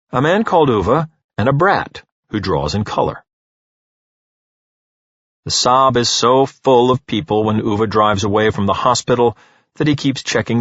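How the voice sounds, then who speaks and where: A man narrating an audiobook in an expressive, animated storytelling manner. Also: lowish voice, no echo, lo-fi sound.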